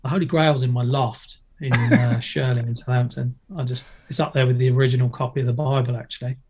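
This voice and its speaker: A man's voice: medium pitch, flat delivery, quick pace, slightly rough. A middle-aged man in a casual podcast chat, telling stories with a joking, playful manner. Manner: jokey, storytelling, loud impressions when quoting. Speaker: guest, former TV presenter and skater.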